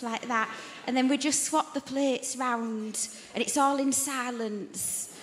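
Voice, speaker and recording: A woman doing stand-up comedy on a theatre stage, telling deadpan anecdotes about her partner. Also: high-pitched, a little slow. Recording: echoey theatre hall with crowd noise.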